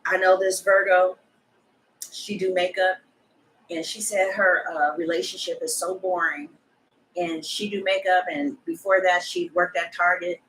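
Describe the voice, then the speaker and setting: Chatty blunt woman with a bright voice. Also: lowish voice, level tone, unhurried, poor audio. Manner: chatty, gossipy and blunt, with slang and swearing. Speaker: tarot reader. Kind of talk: casual chat to camera.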